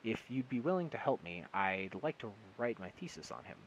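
A man's voice: fairly low pitch, big pitch swings, moderate pace, slight background noise, low-quality recording. A man reading the lines of an eager, curious young male graduate student in an audiobook. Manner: curious, persistent questioning.

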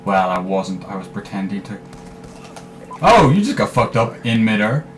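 A low-pitched man commentating live on his shooter match, his voice swinging widely up and down as he curses and trash-talks the other players. The delivery is loose and unscripted, with a faint hiss of noise under it. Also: normal speed. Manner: profane, excitable trash talk. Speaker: gaming commentator.

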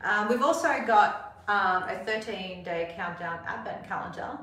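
A woman's voice: medium pitch, pushed and bright. A woman co-hosting a live product stream, chatty and upbeat. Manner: chatty, upbeat, quick asides. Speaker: co-host. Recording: echoey room mic from a distance.

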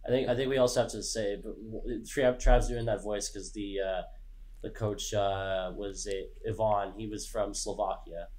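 A man's voice: on the low side, steady tone, normal speed, darkish tone. A young man who is a podcast guest, chiming in with details and corrections in casual chat.

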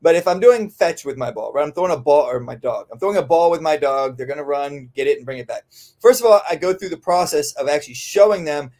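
A man who trains dogs, answering listener questions in a casual podcast, often tagging "right?" and filling pauses with "um". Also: a little high, darkish tone. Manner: conversational, frequent "um" and tag "right?". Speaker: dog trainer.

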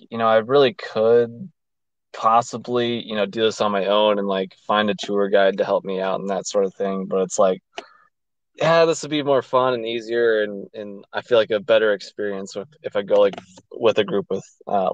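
A man hosting a podcast who talks in a relaxed, agreeable way with frequent fillers. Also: fairly low pitch, moderate pace, no room sound. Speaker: podcast host. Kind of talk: casual chat. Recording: dull, dry lo-fi sound.

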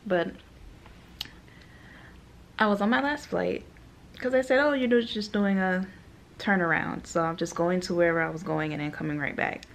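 A young woman, a flight attendant, telling animated stories in a casual vlog, laughing often and quoting people. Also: fairly low pitch, normal speed, vocal fry, pauses often, slight background noise.

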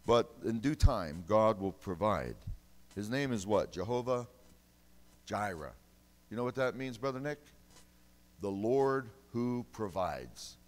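Folksy emphatic preacher in a church hall. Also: male voice, fairly low pitch. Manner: folksy, emphatic preaching with sudden loud bursts. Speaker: pastor. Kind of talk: sermon. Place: church sanctuary.

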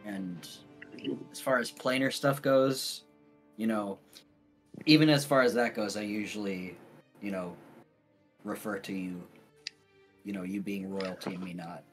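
A man's voice: lowish voice, fairly even intonation, a little slow, pauses often, soft background music. A man playing a tabletop game, talking hesitantly with many "you know"s. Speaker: player. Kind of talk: casual in-character play.

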